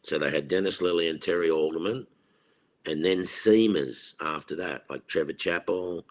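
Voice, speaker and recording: An Australian man in his sixties, a former cricketer, telling lively anecdotes in a podcast interview and acting out the voices of the people he quotes. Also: low-pitched, normal speed.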